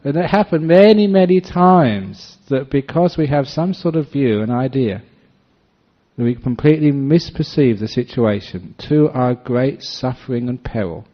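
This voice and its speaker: Man, Buddhist monk, dharma talk, laughing storyteller, mid pitch, muffled lo-fi sound. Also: lively intonation, normal speed. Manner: anecdotal storytelling, often laughing. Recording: dull lo-fi recording.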